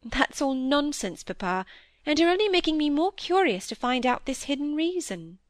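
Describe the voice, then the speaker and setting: A woman reading the part of a curious, lively teenage girl who coaxes and pleads with her father. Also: high voice, moderate pace, dry recording, studio quality. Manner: coaxing, pleading, inquisitive. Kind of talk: audiobook dialogue reading.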